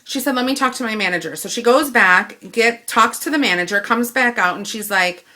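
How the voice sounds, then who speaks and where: A woman tells a long customer-service grievance straight to camera. Her voice is bright and forward. She keeps slipping into the quoted lines, playing herself and the store clerk in turn. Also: on the high side, a little fast. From Wisconsin. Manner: animated retelling, acting out both sides of the dialogue. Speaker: vlogger. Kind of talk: ranting story to camera.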